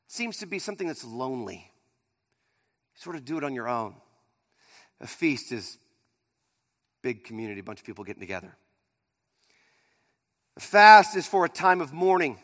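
A male pastor preaching a sermon, swinging between loud emphasis and near-quiet asides. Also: on the high side. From Pittsburgh area. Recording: long hall reverb.

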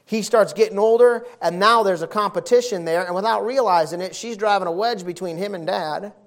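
High-voiced man preaching a folksy sermon. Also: a little fast. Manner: animated, folksy storytelling with emphatic repetition.

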